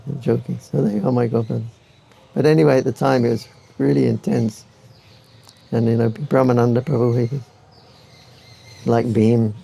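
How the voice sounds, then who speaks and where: Gravelly older man telling chuckling anecdotes. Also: medium pitch, fairly even intonation, moderate pace, pauses often, warm tone, slight background noise. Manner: chuckles often while telling stories. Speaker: senior devotee giving a talk. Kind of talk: anecdotal spiritual talk.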